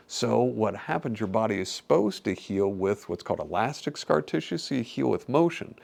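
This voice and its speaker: Lively middle-aged man, low gravelly chiropractor. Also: moderate pace. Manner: animated, acts out quotes with laughs. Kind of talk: health talk to patients.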